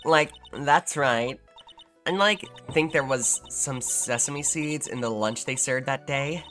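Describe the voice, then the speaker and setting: A woman's voice: a bass voice, slow pace, a bit bright, pitched above the performer's own voice, full character voice. A woman voicing a ditzy young valley-girl witness who drawls with constant "like" and "totally", over faint music. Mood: chirpy.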